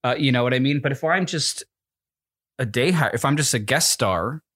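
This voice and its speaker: A man's voice: medium pitch, normal speed, a bit bright, no echo, clean studio sound. A young adult man, an actor co-hosting a podcast, talks in a rambling, self-interrupting way with teary eyes, laughing through the tears. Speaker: podcast co-host. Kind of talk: casual chat.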